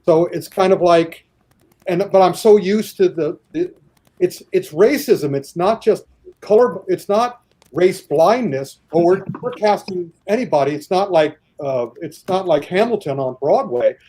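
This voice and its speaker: A man's voice: high voice, animated, a little slow, dark tone. A man in a casual debate chat, talking passionately and rambling with many restarts.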